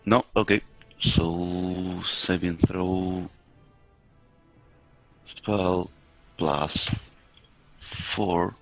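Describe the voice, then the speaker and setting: A man's voice: low-pitched, fairly even intonation, extremely slow, pauses often, dull audio, faint music behind. A man playing a tabletop game online, thinking aloud about his moves. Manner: thinking aloud, counting squares. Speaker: player. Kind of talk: casual game chat.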